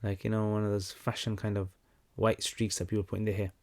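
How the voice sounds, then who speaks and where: Answering questions on a casual livestream, a young man talks fast yet at an easygoing, relaxed pace, his voice sitting a little low. He's conversational, often stopping to restart a thought and filling the gaps with ums and uhs.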